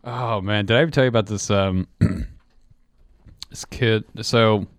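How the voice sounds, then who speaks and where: A man's voice: fairly low pitch, steady tone, a little slow, clear, resonant tone, no echo. A man co-hosting a podcast who tells a rambling, laugh-filled story in casual chat. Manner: rambling, laughs often, many restarts. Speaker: podcast co-host.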